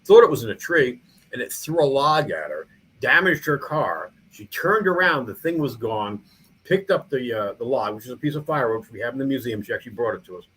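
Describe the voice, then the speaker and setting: Chatting in a podcast interview, this middle-aged New York man, who founded a museum and serves as a small-town mayor, rambles and restarts often, using lots of fillers. His medium-pitched voice is sing-song, fairly quick and fairly bright, with a breathy edge, on a low-quality recording.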